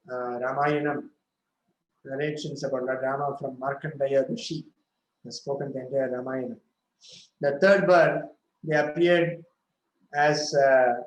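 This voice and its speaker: A man with a fairly high voice gives a devotional scripture talk. He retells the story at an unhurried pace and stops often to correct himself. The room is echoey, with a faint hum of ambience behind him. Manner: retells the story slowly, with frequent self-corrections. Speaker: scripture speaker.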